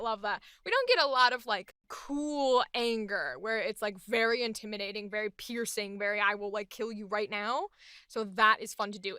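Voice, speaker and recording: A woman voice actor and host chats with enthusiasm while she talks through the voices she builds. Her voice is bright and clear and sits a little high, and it is heard up close and dry. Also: no room sound. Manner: chatty and enthusiastic, thinking aloud. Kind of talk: voice acting demonstration.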